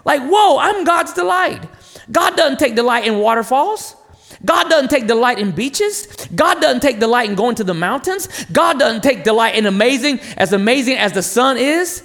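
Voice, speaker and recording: Delivering a sermon in a large, echoing space, a North Carolina man in his thirties uses a notably high voice for a man and lively, widely varying pitch. He pleads with passion and poses questions to the crowd at normal speed.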